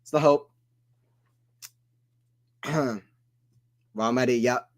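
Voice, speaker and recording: A man's voice: on the high side, normal speed, fairly bright tone. A man from the American South with an American accent, giving casual play-by-play commentary on a live stream and chatting with viewers. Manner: chatty, reads chat aloud and drifts off topic.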